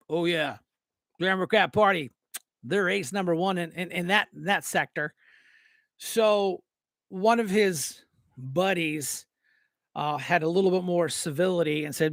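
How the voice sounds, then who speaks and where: A middle-aged man from Northwestern Pennsylvania retelling a confrontation in an animated, casual monologue, acting out both sides of the argument. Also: high-pitched, unhurried, gravelly, long pauses, no room sound, clean studio sound. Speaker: show host.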